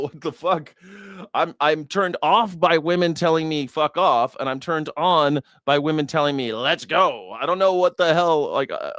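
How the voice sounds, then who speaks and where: A man's voice: a little high, fairly bright tone, dry recording, clean studio sound. A man hosting a news reaction show, giving blunt, profane, mocking commentary. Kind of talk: casual commentary.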